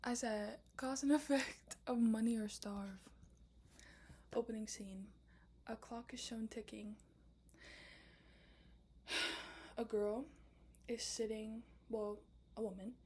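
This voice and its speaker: Late at night, a young student casually talks through her film script idea, often whispering, then bursting into loud asides, with plenty of filler words. Her slightly high voice is fairly even and slow, with long pauses and a little hiss or hum.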